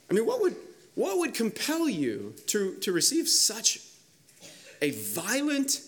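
A male pastor preaching a sermon, emphatic and animated, acting out the quoted voices he reads from. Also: sits high, measured pace.

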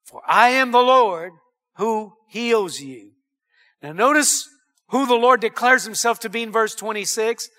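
A man's voice: high voice, pushed and bright. A man preaching a sermon as pastor, earnest and emphatic, breaking into exclamations.

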